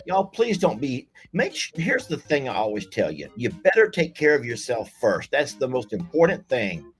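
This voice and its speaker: A man's voice: mid-range voice, huge pitch swings, normal speed, soft background music. A man hosting a live game night stream, chatting in a folksy way and reading viewer comments aloud. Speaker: livestream game host.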